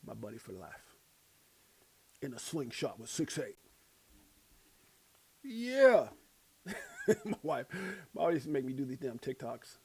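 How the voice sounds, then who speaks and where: A man's voice: mid-range voice, lively intonation, normal speed, pauses often, a little mellow, breathy edge. A middle-aged man hosting a casual livestream, rambling, chuckling often and reading posts aloud. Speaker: crypto livestream host.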